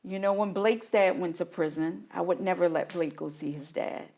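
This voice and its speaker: Low gravelly-voiced woman telling her story. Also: moderate pace. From New Orleans. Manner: animated retelling, acts out her own past reactions. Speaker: guest, mother of an incarcerated son. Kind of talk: emotional interview storytelling.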